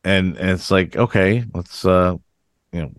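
A man with a very low voice co-hosts a podcast in casual chat. He rambles, stringing thoughts together with a steady stream of "like". The recording is close and dry. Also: measured pace, no room sound. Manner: rambling, heavy on filler words like "like". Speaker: podcast co-host.

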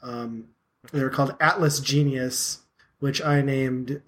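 A man in his thirties chatting as a podcast host, with a voice of middling pitch. He rambles loosely, packs his sentences with filler words and often pokes fun at himself. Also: steady tone, slow pace, a bit bright. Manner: rambling, lots of "like" fillers, self-deprecating. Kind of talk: casual podcast chat.

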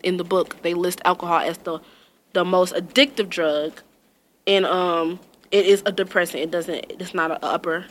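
A young woman, telling funny stories in a loose, profane, animated way and laughing often. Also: lowish voice, moderate pace, slight background noise. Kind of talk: casual storytelling chat.

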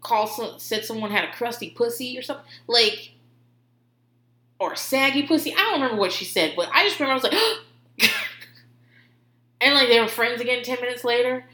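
A woman's voice: a little high, quick pace, bright, forceful tone. A woman telling rambling, profane stories in a casual way, laughing often. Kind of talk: casual storytelling. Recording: roomy echo.

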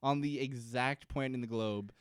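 A man's voice: mid-range voice, normal speed, smooth, dry recording, clean studio sound. A man co-hosting a casual comedy podcast, recapping a TV episode in a rambling, jokey way and slipping into silly voices. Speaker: podcast co-host.

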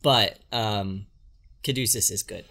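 A man's voice: on the low side, slow pace, creaky, sharp tone. A man co-hosting a casual podcast, enthusiastic and playful. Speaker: podcast co-host.

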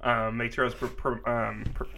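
A man's voice: mid-range voice, flat delivery, brisk, gravelly, heavy background noise. A man co-hosting a podcast in casual chat, chuckling often and plugging upcoming shows. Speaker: podcast co-host.

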